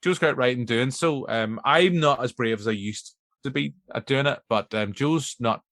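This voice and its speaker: A man's voice: mid-range voice, moderate pace, fairly bright tone, no echo, studio quality. A middle-aged man with a Northern Irish accent hosting a film podcast, chatting in a rambling, self-mocking way. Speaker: podcast host. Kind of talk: casual chat.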